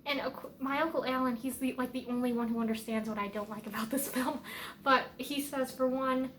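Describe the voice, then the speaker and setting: A woman's voice: sits high, steady tone, fairly quick, a bit bright, slight background noise. A woman giving casual, rambling film commentary as a vlogger, chatty and opinionated, with many fillers and restarts.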